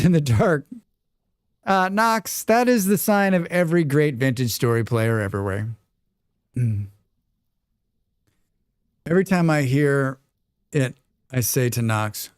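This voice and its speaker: Male game streamer, relaxed and rambling, clear dry close voice, reads chat. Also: a little high, a little slow, pauses often, no echo. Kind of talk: casual live-stream chat while playing.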